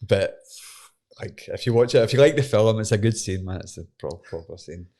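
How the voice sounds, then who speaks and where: A young man with a broad Scottish accent and a fairly low voice tells his story as a guest. He talks loosely and swears freely, laughing through the funny bits as he speaks. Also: animated, fairly quick, mellow. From Scotland. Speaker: MMA fighter guest. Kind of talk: casual storytelling.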